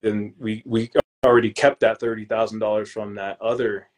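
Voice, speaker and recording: Young male podcast guest with a low-ish voice. Slangy, easygoing storyteller. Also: moderate pace. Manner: relaxed and slangy, calls the hosts "bro"; lively storyteller who acts out his own past lines. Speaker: podcast guest, real estate investor. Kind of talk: casual interview chat.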